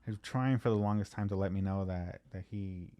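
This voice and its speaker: A man's voice: sits low, brisk, warm tone, smooth, no echo. A man from California telling a long story in casual podcast chat, swearing freely and acting out both sides of the conversation.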